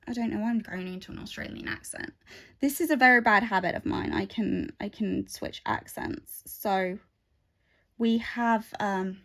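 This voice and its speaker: A woman's voice: mid-range voice, normal speed, a bit bright. Woman, casual craft-vlog chatter, rambling asides, phone mic. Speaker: craft vlogger. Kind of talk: casual chat while stitching.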